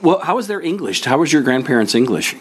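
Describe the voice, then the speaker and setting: A man interviewing a relative about family history and prompting her with gentle questions. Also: a little high, big pitch swings, fast, a little hiss or hum.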